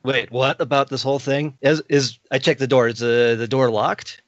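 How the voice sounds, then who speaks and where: A man's voice: mid-range voice, steady tone, moderate pace, dry recording. Male player, hesitant and stammering, dry and muffled recording. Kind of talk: casual tabletop game play.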